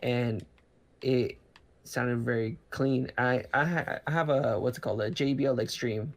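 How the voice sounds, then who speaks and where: Gravelly man rambling in casual chat. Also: mid-range voice, steady tone, unhurried. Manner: rambling, many restarts and fillers. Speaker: podcast co-host.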